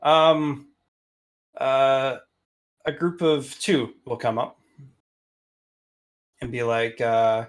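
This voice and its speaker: A game master narrating a tabletop role-playing game, slow and halting with many fillers. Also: medium pitch.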